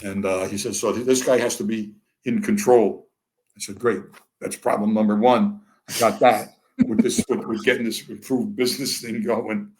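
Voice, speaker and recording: This interview guest, an older American man, has a lowish voice and a moderate pace. He tells candid stories animatedly, acting out both speakers in each exchange with dry wit.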